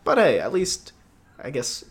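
Young male co-host, casual rambling banter, frequent laughs, animated and a touch high-pitched. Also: unhurried, slightly rough. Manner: laughs often, rambling and jokey. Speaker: podcast co-host. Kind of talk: casual chat.

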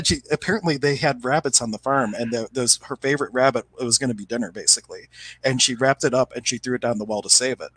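A man co-hosting a podcast, telling a story in an animated way and acting out the quotes. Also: medium pitch, fast talker, breathy edge, dry recording. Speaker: podcast co-host. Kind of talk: casual chat.

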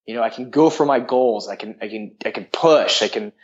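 A man's voice: fairly low pitch, brisk, lo-fi sound. A man telling a personal story in a frank, rambling way, full of filler words. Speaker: guest.

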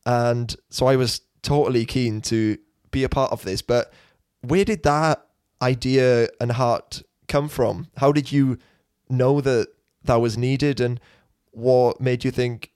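A man's voice: medium pitch, steady tone, slow pace, darkish tone, clear, resonant tone, dry recording, studio quality. A man hosting a podcast, asking his guest open questions in a curious, friendly way. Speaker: podcast host. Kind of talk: casual interview talk.

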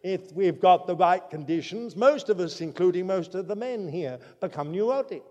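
A man preaching a sermon, emphatic, swinging from loud declarations to quiet asides. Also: high voice, animated, normal speed, long reverb tail, highs cut off.

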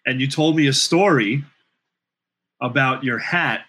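A man's voice: medium pitch, a little slow, bright, forceful tone. A man co-hosting a podcast in casual chat, joking and laughing often.

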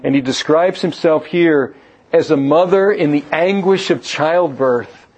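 Earnest preacher man, slightly high voice. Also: measured pace, darkish tone. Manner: earnest, asks the listeners questions; repeats words when restarting a phrase. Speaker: preacher teaching on a Bible letter. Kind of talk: sermon-style Bible teaching. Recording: dull lo-fi recording.

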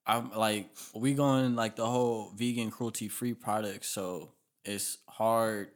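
A man co-hosting a podcast, trading relaxed, teasing slangy banter. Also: on the low side, slow. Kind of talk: casual chat.

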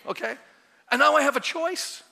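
A man preaching a sermon as pastor. He is animated, puts questions to the congregation and acts out quotes in different voices. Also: very high voice, normal speed, gravelly. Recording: long church-hall reverb.

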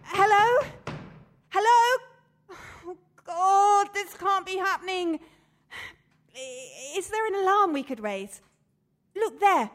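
A woman's voice: sits high, very animated, measured pace, a bit bright, full character voice. An actress playing an anxious woman trapped in a sauna, talking in a frantic, panicky way in an audio drama. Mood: panicked. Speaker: sauna customer.

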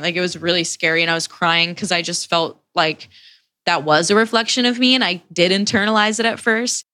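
A young woman in her twenties hosting a podcast, telling a personal story in a casual, profane, animated way and acting out what people said. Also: lowish voice, no room sound. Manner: profane, animated retelling with acted-out quotes. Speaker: podcast host.

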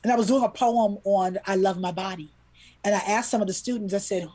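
A woman's voice: medium pitch, a little fast, dark tone, slightly rough. A woman, a children's book author and illustrator, telling a heartfelt story as a podcast guest, earnest and emotional, repeating words when moved.

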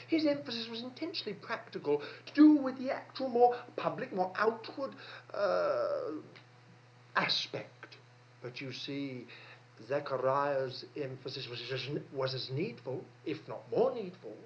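A man's voice: high-pitched, animated, moderate pace, slight background noise. A man preaching a sermon with emphatic delivery, repeating phrases for stress. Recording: dull lo-fi sermon recording.

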